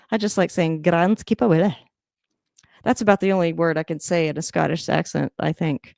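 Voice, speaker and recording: A woman hosting a casual livestream reaction to a football game, chatty and rambling, laughing often and breaking into sudden excited outbursts. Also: low voice, moderate pace, gravelly, no room sound, clean studio sound. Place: home room, moving around the camera.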